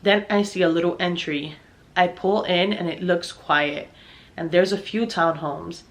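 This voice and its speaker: A young woman with a somewhat low voice tells a personal story aloud. She swears freely and sounds exasperated, slipping into the voices of the people in it as she goes. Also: measured pace. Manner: profane, exasperated, acts out dialogue. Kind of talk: storytime narration.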